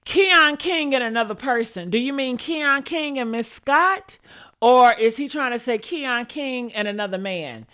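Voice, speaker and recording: A woman's voice: fairly high pitch, animated, a little slow, fairly bright tone. A woman hosting a live stream, reacting to news clips and talking bluntly and profanely straight to her viewers. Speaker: host.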